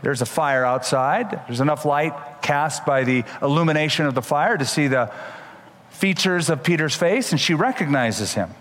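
A man preaching a sermon, retelling scripture with animated, emphatic delivery and shifting voices for the people in the story. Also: a little high, normal speed, big-room sound. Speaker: pastor.

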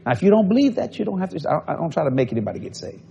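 A man's voice: fairly high pitch, sing-song, racing, creaky, dark tone, highs cut off, a little hiss or hum. A man preaching a sermon in a folksy, storytelling way, often breaking into laughter. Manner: laughs often between phrases.

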